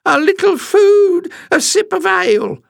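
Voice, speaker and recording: Jinx, a quavering whining little acrobat. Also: male voice, very high-pitched, lively intonation, measured pace, creaky, no room sound, clean studio sound, pitched above the performer's own voice, exaggerated voice. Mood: pleading. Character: puny whining male acrobat, cringing beggar.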